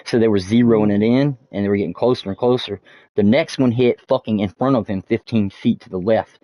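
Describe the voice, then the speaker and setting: Deep-voiced man rambling a story. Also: fairly quick, no room sound. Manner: rambling, many fillers and restarts, swears often. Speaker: streamer. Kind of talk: casual storytelling while gaming. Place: home streaming setup. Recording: dull dry lo-fi mic.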